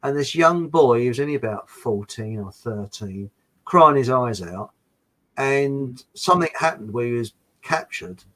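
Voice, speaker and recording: A man's voice: mid-range voice, animated, measured pace, bright, forceful tone, rough recording. An English man chatting as a guest, telling rambling anecdotes with frequent restarts. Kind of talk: casual chat.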